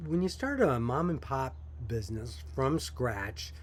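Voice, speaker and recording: Small-business owner, male, middle-pitched, folksy and chatty, casual story told to camera. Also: lively intonation, unhurried, slightly rough. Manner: folksy, chatty, laughs while telling stories. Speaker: coffee company owner.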